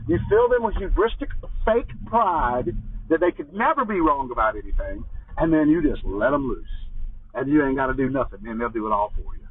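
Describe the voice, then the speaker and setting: A man rants angrily with lots of swearing and emphasis. His husky voice swings widely in pitch. The sound is thin and phone-like, and he sits away from the mic in a dry space. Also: big pitch swings, brisk. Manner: angry, profane, emphatic. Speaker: political commentator. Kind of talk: ranting monologue. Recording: muffled phone-like audio from far from the mic.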